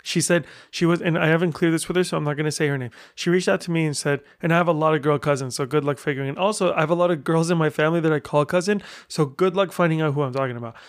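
A man's voice: on the high side, racing, few pauses, no echo, clean studio sound. A middle-aged man hosting a casual solo podcast, telling stories in a chatty way full of rambling asides. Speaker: podcast host.

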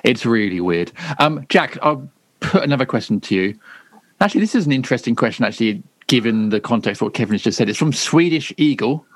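A man's voice: mid-range voice, lively intonation, a little fast. A man hosting a podcast, reading out listener questions in an easygoing way. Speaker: podcast host.

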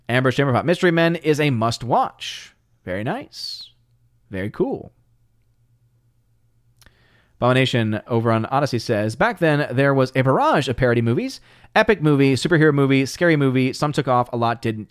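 A man in the middle pitch range hosting a casual live stream, reading viewer comments out loud and laughing between his takes. His voice sounds close and dry, with no room sound. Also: dry recording. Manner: chatty, reads viewer comments aloud, laughs often. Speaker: livestream host.

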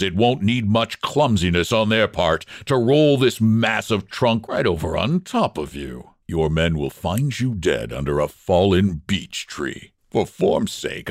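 A man reading aloud and voicing a trapped poacher who taunts his enemy with savage, high-pitched shouts. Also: creaky, no echo, clean studio sound, full character voice.

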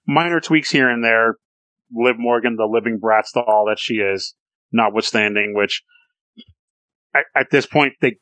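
A man's voice: mid-range voice, fairly bright tone, no room sound, low-quality recording. Male podcast co-host, casual rambling wrestling talk, swears a lot, dry close sound. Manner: swears freely, rambling with restarts.

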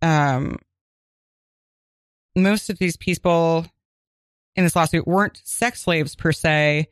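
A woman co-hosting a community radio crime show, chatting casually and reading announcements with quick asides. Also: sits low, no echo. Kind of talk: casual chat and on-air announcements. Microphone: studio microphone.

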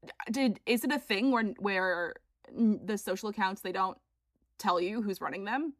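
A woman's voice: mid-range voice, normal speed, no echo, studio quality. A woman co-hosting a casual chat, asking questions and giving wry takes. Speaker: podcast co-host.

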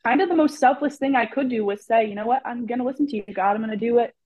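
A young woman sharing her story as a podcast guest, speaking candidly and chattily in a fairly high voice. The recording is dull and lo-fi. It is also very dry, with no room sound at all. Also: racing, dry recording. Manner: candid, chatty, frequent "like" and "you know". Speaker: guest, personal trainer. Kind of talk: casual podcast chat.

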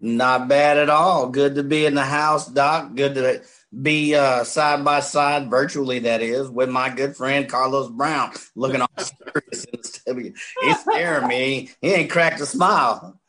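A man's voice: medium pitch, little pitch movement, a little slow, fairly bright tone. A man co-hosting a sports radio show, bantering playfully and laughing often. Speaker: co-host.

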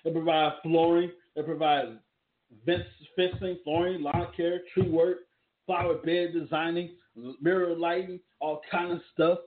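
A man's voice: fairly high pitch, flat delivery, a little slow. A man hosting a casual wrestling talk, emphatic and loose, with repeated rhetorical questions. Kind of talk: casual commentary with ad reads. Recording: tinny phone-like audio.

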